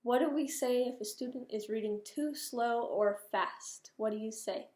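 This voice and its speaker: A woman's voice: on the high side, moderate pace, darkish tone. Patient woman teacher in an echoey room. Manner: clear, patient, instructive tone. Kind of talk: classroom lesson, micro-teach practice.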